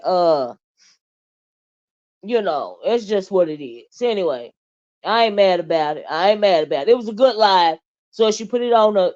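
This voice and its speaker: A woman's voice: medium pitch, highs cut off. A woman hosting a livestream, giving casual commentary in a sassy, blunt way, drawling with asides to her chat and speaking.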